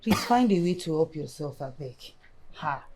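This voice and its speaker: A dismissive Nigerian wife with a low, mellow voice that swings widely as she mocks her husband. Faint music sits behind her in the film soundtrack. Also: expressive, normal speed, breathy edge. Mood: scornful. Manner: mocking, dismissive. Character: cold, scornful young wife.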